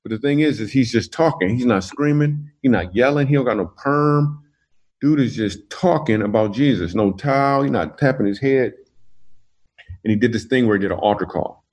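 A man, a comedian, telling funny personal stories in an interview, animated and laughing through his jokes. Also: medium pitch, moderate pace. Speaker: comedian guest. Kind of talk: casual interview storytelling.

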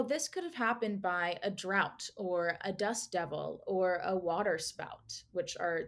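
A woman's voice: fairly low pitch, a bit bright. Chatty young woman hosting a podcast. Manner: chatty, giggly, lots of fillers and asides. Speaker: podcast co-host presenting the topic. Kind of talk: casual podcast chat.

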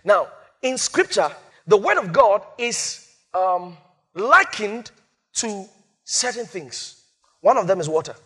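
A male pastor preaching a sermon, repeating key phrases with dramatic rises and sudden soft drops. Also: high voice, sing-song, slow pace, pauses often, husky.

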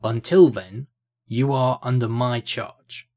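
A man voicing a stern, stoic army captain with a deep voice in a fantasy storybook reading. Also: fairly even intonation, takes it slowly, a little mellow.

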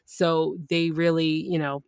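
Excitable woman podcaster telling a story. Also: deep voice, a little slow, smooth, dry recording, clean studio sound. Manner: animated, excitable retelling. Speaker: podcast host. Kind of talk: casual storytelling.

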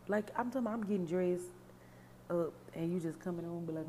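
A woman's voice: lowish voice, fast, warm tone, slight background noise. Sassy, profane woman podcaster. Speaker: podcast host. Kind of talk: casual commentary on song lyrics.

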